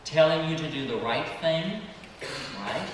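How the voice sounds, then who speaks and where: Man, priest, children's sermon, gentle questions, animated pitch, echoey church from far off, steady background noise. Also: a little slow. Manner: asks children questions and waits for their answers. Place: church sanctuary. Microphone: distant room mic.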